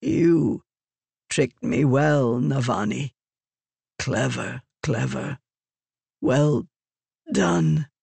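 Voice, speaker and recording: A narrator voicing a dying ancient female Fused, croaking in slow, broken phrases for an audiobook. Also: medium pitch, darkish tone, no room sound, full character voice. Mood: resigned. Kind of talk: audiobook character reading.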